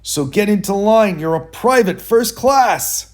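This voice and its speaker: A man's voice: sits high, lively intonation, measured pace, voice pushed up. A man voicing a blustering, pompous army general in a storybook reading, bellowing orders. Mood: commanding. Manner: bellowing, commanding.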